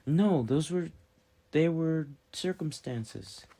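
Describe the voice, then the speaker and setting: A man's voice: mid-range voice, steady tone, moderate pace, mellow, slight background noise, voice pushed up, lightly acted. A man voicing a shrewd young travelling merchant in an audiobook, speaking in a hesitant, defensive way. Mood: flustered.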